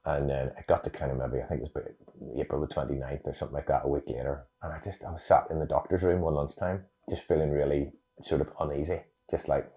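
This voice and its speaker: Northern irish guy telling his story, really deep voice, husky, laughs a lot. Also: fast, muffled recording. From Northern Ireland. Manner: reflective, animated, frequent laughs and fillers. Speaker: interview guest. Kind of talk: storytelling in an interview.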